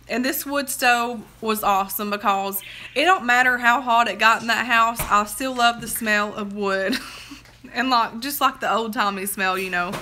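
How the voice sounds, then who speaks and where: A livestream host chats on her phone from her couch at home, rambling casually, drawling and laughing at her own stories. Her voice is on the high side with a sharp tone, and there's slight background noise.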